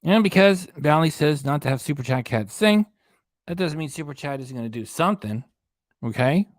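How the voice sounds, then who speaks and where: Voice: medium pitch, expressive, normal speed, dry recording. A casual, chatty livestream host talks straight to viewers, thanking them by name and reading comments aloud. The sound is close and dry, with no room around it.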